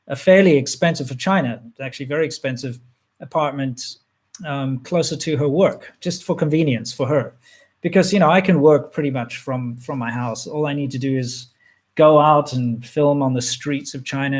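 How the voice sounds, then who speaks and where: A man in his thirties hosting a casual question-and-answer chat, relaxed and rambling, with plenty of fillers and restarts. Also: a little high. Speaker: channel host answering viewer questions.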